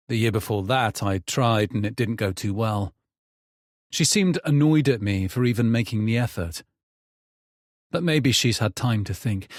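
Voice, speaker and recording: A man's voice: on the low side, no room sound. A man narrating a first-person thriller audiobook in a weary, bitter tone, recorded on a close studio mic.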